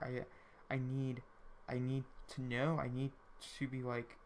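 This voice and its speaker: A man's voice: mid-range voice, completely flat delivery, a little slow, slight background noise. A man hosting a let's play, talking to his viewers in a rambling way, restarting his sentences often. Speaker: gaming channel host.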